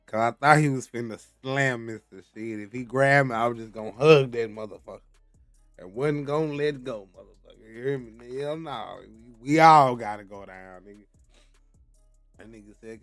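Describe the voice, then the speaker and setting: A man hosts a live stream and reacts to a clip with profane commentary. His voice is smooth and clear, and it jumps between low mutters and loud outbursts. Faint music plays under him. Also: normal speed, no room sound. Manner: loud, profane, swings between mumbling and shouting.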